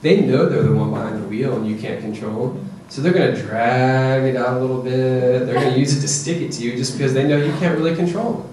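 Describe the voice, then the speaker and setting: A man giving a lively, joking parenting talk to an audience, often checking in with "okay?" and "right?". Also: medium pitch, fast, hardly any pauses, recorded from a distance, a little hiss or hum. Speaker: presenter to parents. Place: presentation room with audience. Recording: echoey room, voice from afar.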